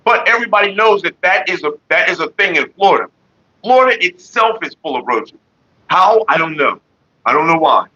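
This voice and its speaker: A man hosting a casual home livestream, telling a profane story to his viewers in an animated way and slipping into quoted voices. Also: high voice, brisk, highs cut off. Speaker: livestream host.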